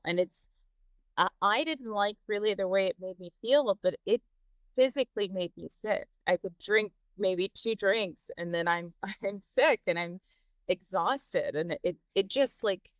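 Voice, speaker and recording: A woman's voice: lowish voice, no echo. A woman from Texas hosting a podcast, talking candidly with frequent laughs and restarts. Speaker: podcast host. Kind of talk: casual interview chat.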